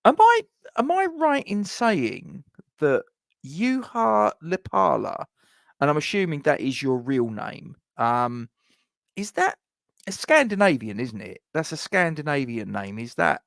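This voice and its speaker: A man with a London accent hosts a live fan stream, reading out viewer comments and teasing them. His voice is gravelly and swings widely in pitch. The sound is dry and close. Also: big pitch swings, unhurried, a bit bright, no echo. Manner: chatty, teasing, laughs while talking. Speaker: host of a live fan show.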